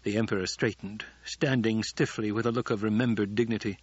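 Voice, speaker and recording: A man doing measured, dramatic audiobook narration. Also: on the low side, steady tone, slightly rough, dry recording. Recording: dull, dry studio audiobook.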